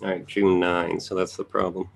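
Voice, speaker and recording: This man's voice sits low and creaky, with a level tone and normal speed. He's a trading educator going over charts live, musing aloud while scanning and tossing casual remarks to his audience.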